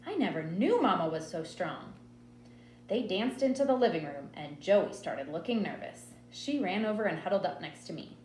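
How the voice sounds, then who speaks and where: A woman reading a novel aloud as expressive first-person narration. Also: on the low side, normal speed. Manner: expressive storytelling read. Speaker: audiobook reader. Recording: roomy with faint hum.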